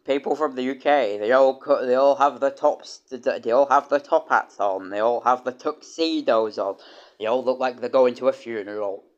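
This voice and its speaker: This young British streamer has a medium-pitched voice and talks at a normal pace, rambling casually with lots of restarts and the odd swear. The audio comes through dull and lo-fi.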